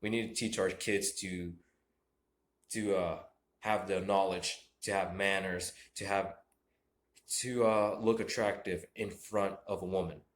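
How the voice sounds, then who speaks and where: A young American man rants about fathers and respect, preachy and rambling, tripping over his words. His voice sits low. The recording is echoey, like a bare room. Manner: rambling, repeats and restarts, preachy. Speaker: vlogger. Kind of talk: ranting monologue.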